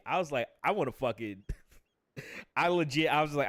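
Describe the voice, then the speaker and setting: A man's voice: mid-range voice, a little fast, a bit bright, dry recording, studio quality. A man ranting casually on a live stream, swearing constantly, laughing often and jumping into quoted character voices.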